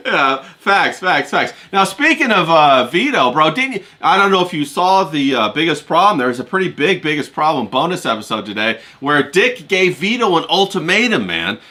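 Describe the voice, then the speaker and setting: A man's voice: a little high, big pitch swings, normal speed, hardly any pauses, sharp tone. A man hosting a casual livestream, teasing his guest and talking to the chat. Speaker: livestream host.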